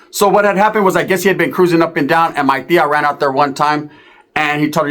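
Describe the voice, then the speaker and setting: A man's voice: a little high, fast, fairly bright tone. A man telling a profane, rambling comic story, ending his punchlines with tag questions. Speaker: comedian. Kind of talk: comedic storytelling.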